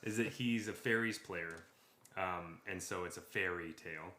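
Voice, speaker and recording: Podcast co-host: excitable man with a lowish voice, easy laugh, in an echoey room. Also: normal speed. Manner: excitable, enthusiastic, laughs often. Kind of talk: casual chat.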